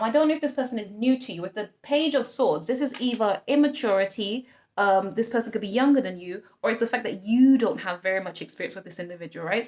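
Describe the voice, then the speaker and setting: A woman's voice: a little high, darkish tone, echoey room. A woman giving a casual tarot reading, chatty and blunt, swearing freely as she talks to her viewers. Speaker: tarot reader.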